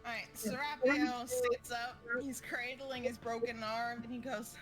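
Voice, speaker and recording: A woman's voice: on the high side, fairly even intonation, measured pace, a bit bright, faint music behind. A woman running a tabletop game as game master, narrating hesitantly with fillers.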